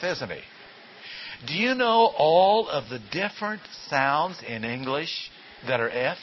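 A man's voice: fairly high pitch, very animated, measured pace. A man teaching a Bible class in a folksy way, quizzing his listeners with rhetorical questions. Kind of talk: classroom lecture. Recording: dull lo-fi recording with faint hiss.

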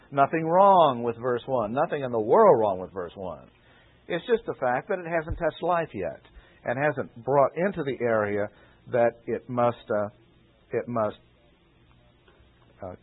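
A man teaches scripture in a measured, deliberate way, repeating his key phrases for emphasis. His voice sits at an ordinary middle pitch. The recording is thin and tinny, like an old radio broadcast. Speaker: preacher. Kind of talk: expository Bible teaching.

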